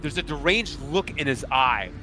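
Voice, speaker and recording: A man's voice: a little high, animated, normal speed, bright, forceful tone, soft background music. A man narrating as game master in a tabletop fantasy game, speaking casually and loosely with fillers like "kinda" and "like.".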